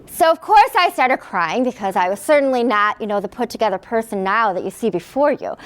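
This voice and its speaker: A woman's voice: a little high, expressive, brisk, few pauses, fairly bright tone. A woman in her thirties telling a personal patient story to an audience, quoting nurses and doctors and laughing through the painful parts. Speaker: patient speaker.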